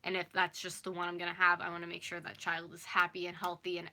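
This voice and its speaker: A woman's voice: on the low side, monotone, fast, pushed and bright. A young woman in her early twenties from North America, chatting and rambling as she speaks openly to viewers on a live stream. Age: early 20s. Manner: chatty and rambling, with constant fillers. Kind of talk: casual, confessional live chat.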